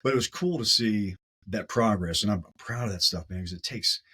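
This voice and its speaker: The audio is poor as a man guesting on a podcast spins a story in a low, husky voice. He sounds brisk, pushed, and bright, speaking casually and animatedly while doubling up his words.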